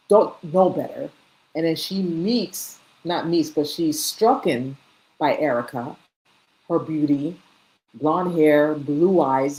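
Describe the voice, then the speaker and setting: A woman's voice: deep voice, mellow, rough recording. A woman giving reaction commentary, restarting her sentences and stressing words for emphasis.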